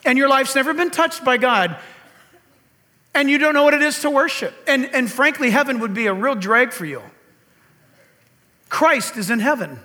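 An older man, a pastor, preaching a sermon with earnest rhetorical questions; his high, reedy voice has been compared to a cartoon frog. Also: sharp tone.

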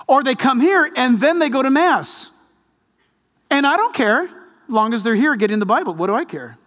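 Man, 50s, pastor, animated sermon, high voice, long church reverb. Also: normal speed. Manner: animated storytelling preacher with jokes. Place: large church hall.

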